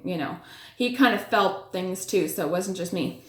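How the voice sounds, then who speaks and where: A woman's voice: on the low side, normal speed. A woman casually telling a personal story, full of "like" and "you know", acting out her own reactions as she goes. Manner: chatty, many "like" and "you know" fillers; animated retelling with acted-out reactions. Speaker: storyteller sharing personal spiritual experiences. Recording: echoey room.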